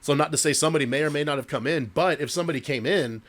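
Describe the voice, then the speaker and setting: A man's voice: fairly high pitch, racing, a bit bright. A man co-hosting a podcast, casually telling a ghost story full of swearing and "dude". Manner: laid-back, swears a lot, says "dude". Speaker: podcast co-host.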